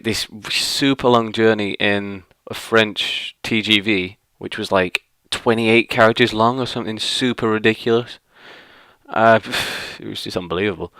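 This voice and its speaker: A man's voice: lowish voice, fairly bright tone, clean tone, no room sound, studio quality. A man from northwest England, ranting casually as a vlogger, rambling and exasperated with many fillers.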